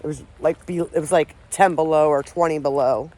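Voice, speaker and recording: This woman has a deep, steady voice with a darkish tone and a brisk delivery. She's a paranormal vlogger filming outdoors in the woods, talking loosely to the camera in an uncertain, meandering way, frequently starting sentences over.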